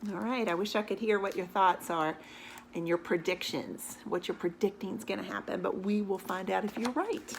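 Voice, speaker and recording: A woman teacher reading a picture book aloud to her class, animated and often stopping to ask the children questions. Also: medium pitch, normal speed, vocal fry, a little hiss or hum.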